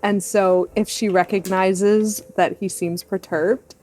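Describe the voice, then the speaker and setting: A woman's voice: medium pitch, steady tone, slow pace, darkish tone, soft background music. A woman taking part as a player in a tabletop role-playing game, chatty as she describes her character's actions.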